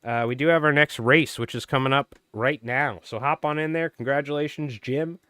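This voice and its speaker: Hoarse man calling a marble race. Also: mid-range voice, normal speed, sharp tone, no echo, studio quality. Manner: playful sportscaster-style play-by-play of a marble race. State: hoarse, voice wearing out. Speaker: fly tying live streamer. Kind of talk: live stream commentary.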